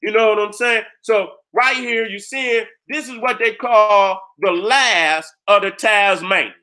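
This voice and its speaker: Fired-up high-voiced man lecturing. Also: unhurried, bright, forceful tone. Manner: profane, fired up, repeats points for emphasis. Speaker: host presenting history with maps. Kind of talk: heated lecture to viewers.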